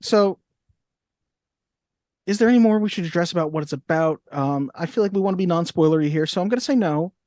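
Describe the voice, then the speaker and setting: A man's voice: high-pitched, a little fast, pauses often, darkish tone, no room sound, clean studio sound. Rambling man podcaster in his thirties. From Long Island, New York. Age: 30s. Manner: rambling, hedging, thinks aloud. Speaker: podcast co-host. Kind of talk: casual chat.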